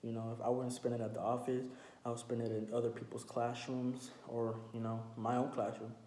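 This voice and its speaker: A man's voice: mid-range voice, flat delivery, a little fast, warm tone. A young man telling a story casually while eating, slangy and profane, with many fillers. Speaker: mukbang storyteller. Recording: roomy echo, faint background noise.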